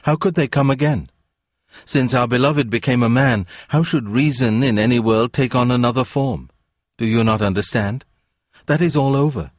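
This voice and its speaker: A man voicing a serene, wise young woman from another world in a read-aloud story, speaking calmly and earnestly. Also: medium pitch, moderate pace, no room sound, studio quality, close to an everyday voice.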